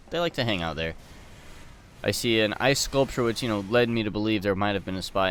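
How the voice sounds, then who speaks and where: A man talks through his own gameplay in a relaxed, conversational voice-over, explaining each move as it happens. His pitch sits in an ordinary middle range, and a faint hiss runs under the recording. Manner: relaxed play-by-play, swears casually. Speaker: gameplay commentator.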